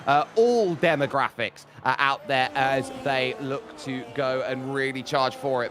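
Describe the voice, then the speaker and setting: A man commentating a sim racing event, talking loosely with fillers and rising to shouts when the action picks up. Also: mid-range voice, unhurried, few pauses, background noise. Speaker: race commentator.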